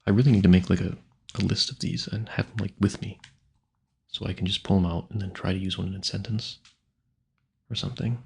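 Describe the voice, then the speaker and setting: A man's voice: deep voice, fairly even intonation, a little fast, gravelly, long pauses, darkish tone, husky. A man rambling casually at a home mic, musing aloud and stumbling over hard words he sounds out. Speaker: audio creator.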